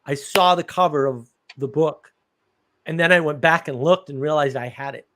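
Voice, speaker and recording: Hosting a casual live stream over a noisy background, a man with a fairly high voice drifts from story to story, swearing bluntly and offhandedly. He speaks at a moderate pace, loosely restarting sentences as he goes.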